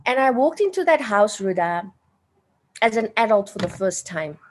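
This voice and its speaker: A South African woman in her late thirties or older is an interview guest, earnestly and emotionally telling a personal story and repeating phrases for emphasis. Her medium-pitched voice swings widely at a moderate pace, and the poor audio carries a little hiss or hum.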